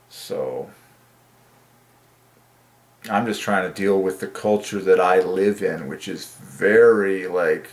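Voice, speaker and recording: A Christian video maker with a low, gravelly voice offers a casual yet earnest and emotional reflection on the Bible. He rambles candidly, laughs often and says "like" a lot.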